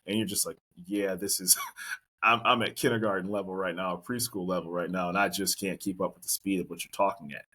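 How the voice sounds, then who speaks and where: A man's voice: sits low, steady tone, pushed and bright, husky. A man hosting a casual podcast interview, chatty and rambling with a respectful tone. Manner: chatty, rambling, respectful, quick agreeing fillers. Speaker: podcast host.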